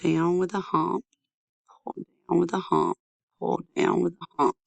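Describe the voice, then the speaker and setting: A woman teaching a young children's phonics lesson, sounding out letters slowly and repeating handwriting chants. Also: on the low side, vocal fry, dry recording. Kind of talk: early-years phonics lesson.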